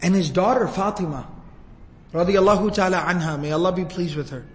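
A man's voice: high-pitched, a little fast, big-room sound, poor audio. A man giving a sermon, telling the story emotively and acting out quoted lines. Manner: emotive, retells scenes with quoted voices. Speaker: preacher.

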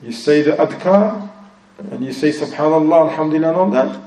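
With lively intonation and a moderate pace, a man whose voice is on the high side and darkish in tone teaches a religious lesson in accented English. As an Islamic teacher explaining a text, he often moves into Arabic phrases and recitation. He's heard far off in an echoey room, with slight background noise.

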